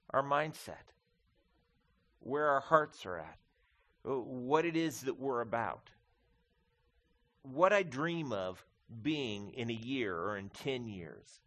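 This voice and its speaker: A middle-aged man preaching from the pulpit in an easy, conversational way. His voice sits in an ordinary middle pitch. He drops low and soft for reflection, then rises and gets loud for emphasis. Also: animated, slow pace, pauses often. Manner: conversational, addresses listeners as folks. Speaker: pastor. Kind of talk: sermon.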